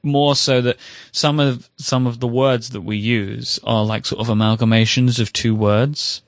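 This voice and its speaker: A man's voice: mid-range voice, fairly even intonation, a little slow, no echo, studio quality. A man from England chatting on a podcast, choosing his words carefully and sometimes stumbling over them. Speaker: podcast co-host. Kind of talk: casual chat.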